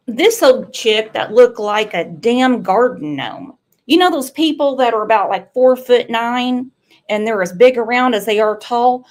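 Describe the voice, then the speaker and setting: A woman, a true crime commentator telling sarcastic, profane stories in casual chat. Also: fairly high pitch. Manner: salty, sarcastic storytelling with swearing.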